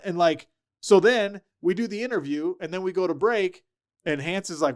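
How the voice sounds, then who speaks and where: A man telling lively stories as a podcast guest, acting out the people he quotes. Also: high-pitched, moderate pace. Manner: animated storyteller, acts out quoted voices. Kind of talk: casual storytelling chat.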